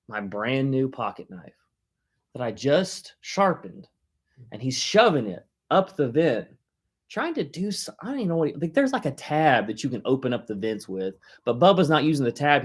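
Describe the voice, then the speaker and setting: A man preaching in a relaxed, conversational way, speaking at an ordinary middle pitch. He tells a story with animated delivery and keeps chuckling. His talk is loose and full of filler words. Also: normal speed, husky. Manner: casual, many "like" fillers. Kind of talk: conversational sermon.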